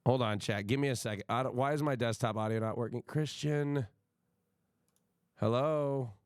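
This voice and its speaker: A man livestreams a casual rant to his chat, emphatic and profane, often stammering and restarting. His mid-range voice moves at a moderate pace with a clear, resonant tone, recorded dry at studio quality.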